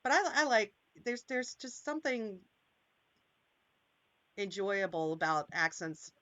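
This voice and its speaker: A woman's voice: mid-range voice, big pitch swings, slow pace, a bit bright, no room sound, highs cut off. A woman from Maryland hosting a channel, chatting casually, rambling and laughing a lot. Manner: laughing, rambling, self-interrupting. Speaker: channel host. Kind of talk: casual chat.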